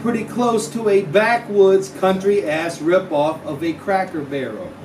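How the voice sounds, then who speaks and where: A high-pitched man, speaking a little slowly, tells an over-the-top comic story packed with slang, drawling it from the stage. He's a musician at a small house-show venue. The far mic captures room echo and live guitar.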